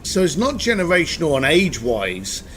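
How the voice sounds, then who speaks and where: Animated, blunt man telling stories. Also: fairly high pitch, moderate pace, a little hiss or hum. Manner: blunt, animated storytelling with profanity. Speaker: interview guest. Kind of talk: casual conversational interview.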